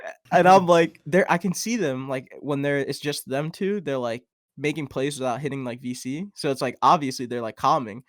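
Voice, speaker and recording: A young man co-hosting a podcast, telling a rambling, animated story full of fillers in casual chat. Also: mid-range voice, moderate pace, no room sound, studio quality. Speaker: podcast co-host.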